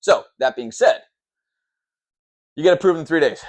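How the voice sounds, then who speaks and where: A man's voice: fairly high pitch, lively intonation, normal speed. A man in his thirties, a loan officer, explaining the mortgage process in a blunt, chatty way with sarcastic asides. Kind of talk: casual explainer talk to camera.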